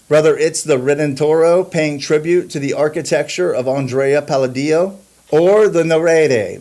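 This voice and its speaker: A man's voice: a little high, darkish tone. A man hosting a watch review, narrating in a scripted, earnest and admiring way. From United States.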